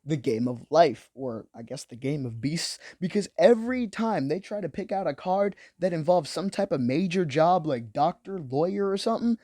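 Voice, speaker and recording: A young man makes a comedic, profanity-laced anime recap, with his pitch swinging lively up and down. His voice is close to the mic and dry. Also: moderate pace, hardly any pauses, no room sound. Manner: profane, animated, slangy. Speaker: commentary host.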